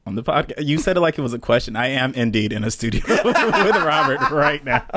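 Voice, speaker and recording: A man's voice: mid-range voice, sing-song, brisk, over a noisy crowd. A man, a comedy performer guesting on a podcast, teasing the host in a dry, playful way. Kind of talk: casual podcast chat.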